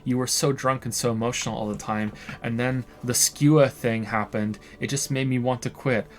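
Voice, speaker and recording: Exasperated woman on a phone call, read by a man, weary, blunt, reproachful, mid-pitched. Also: fairly even intonation, normal speed, natural voice. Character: exasperated woman, former bar manager, on phone. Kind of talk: reading game dialogue aloud.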